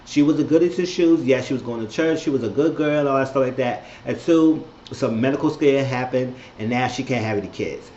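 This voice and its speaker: A man's voice: mid-range voice, fairly quick, hardly any pauses, a little mellow. Chatty man in an echoey room. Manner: chatty, opinionated, retells scenes and voices characters. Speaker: TV episode recap vlogger. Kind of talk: casual spoken recap. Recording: echoey dull lo-fi room with faint noise.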